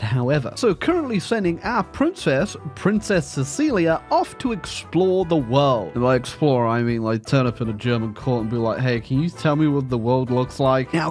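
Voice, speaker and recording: A man giving sarcastic, joking commentary on his strategy game as a regular channel host. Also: darkish tone. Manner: wry, sarcastic jokes with sudden high pitched jumps. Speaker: gaming commentator. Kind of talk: comedic gameplay commentary. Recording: game music faintly behind.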